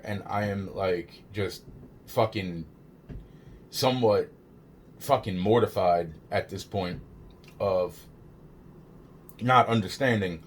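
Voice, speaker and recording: A man's voice: fairly low pitch, a little hiss or hum. A man telling a personal story in a rambling, casual way, swearing heavily and restarting his sentences.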